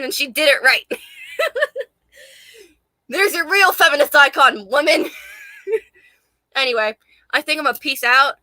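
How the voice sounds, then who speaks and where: Casting note: young Southern woman with a light Charleston accent, high, dry close voice, rambling, swearing and laughing, a little out of breath. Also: normal speed, pauses often, bright, forceful tone, dry recording. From Charleston, South Carolina. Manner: profane, laughing often, rambling and emphatic. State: hot and a bit out of breath. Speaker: vlogger. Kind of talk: casual rant to camera.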